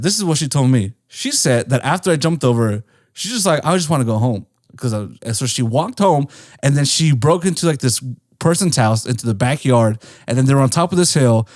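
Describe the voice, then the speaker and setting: A young man hosting a podcast, telling a casual story in an animated way, cursing freely and acting out the people in it. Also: medium pitch. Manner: animated and profane, acts out the people in his story.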